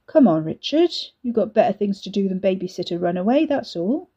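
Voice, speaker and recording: Woman doing a calm coaxing big older man, persuasive, mellow, husky, dull sound. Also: medium pitch, brisk.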